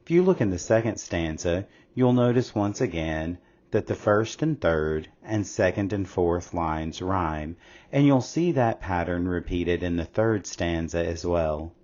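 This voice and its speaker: A man narrating a scripted English lesson in a slow, measured, explanatory way. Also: low voice, animated, darkish tone. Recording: slightly dull lo-fi audio.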